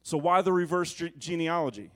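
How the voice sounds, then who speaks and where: A man with a notably high-pitched voice delivers a sermon as pastor. He swings from emphatic, proclaiming lines to hushed, wry asides to the room. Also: a little fast. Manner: preaching, shifting from booming to hushed asides.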